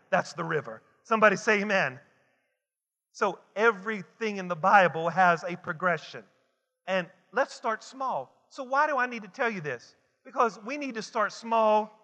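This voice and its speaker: A high-pitched man preaching with a bright, forceful edge, stacking repeated lines and urging the congregation to answer him. His voice rings out with a long reverb tail, as in a large sanctuary. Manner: call-and-response preaching, repetitive and emphatic. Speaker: pastor. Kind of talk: sermon. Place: church sanctuary.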